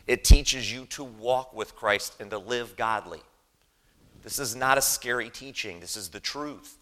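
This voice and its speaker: A man's voice: mid-range voice, a little slow, fairly bright tone. A man preaching a sermon in a church, earnest and emphatic, often asking the congregation "right?". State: choked up with emotion. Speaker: lay preacher.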